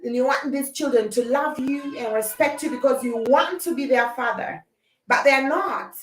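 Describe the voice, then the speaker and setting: Animated laughing woman, echoey room. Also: high-pitched, moderate pace, slight background noise. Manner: animated, laughs often, acts out quarrels. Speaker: livestream host. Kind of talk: casual chat with live comments.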